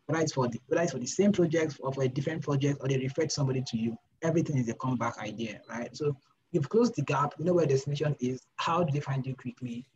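A man's voice: mid-range voice, quick pace, a little mellow, a little hiss or hum. A young man mentoring designers in an informal live session, emphatic and repetitive, firing off rhetorical questions. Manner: emphatic, repeats phrases, fires rhetorical questions. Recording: slightly dull lo-fi recording.

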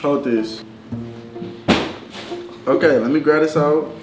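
A man's voice: fairly high pitch, takes it slowly. A man, bluntly bickering with his sister at home. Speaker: brother in a sibling challenge. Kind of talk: casual banter. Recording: echoey room with music behind.

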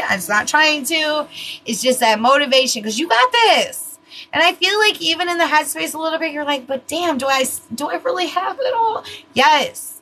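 Bright, high-voiced blunt tarot reader woman. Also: low-quality recording. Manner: blunt, chatty, swears freely, laughs at herself. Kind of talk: casual live tarot reading.

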